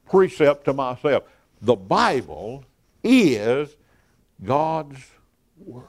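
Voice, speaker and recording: Emphatic preacher man. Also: medium pitch. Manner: emphatic, with repeated words and falling phrase ends. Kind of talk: evening sermon.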